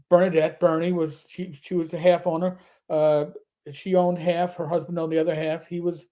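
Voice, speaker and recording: Mellow-voiced New York storyteller man. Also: a little high. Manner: animated, slips into voices, stammering restarts. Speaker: podcast co-host, former police officer. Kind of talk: casual storytelling chat.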